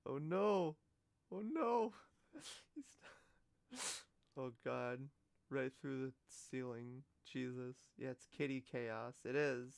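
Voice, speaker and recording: A woman's voice: extremely low pitch, animated, takes it slowly, creaky, long pauses, a little mellow, no echo. A woman streamer in a casual live-stream reaction, giggly and gushing, often exclaiming and trailing off mid-sentence.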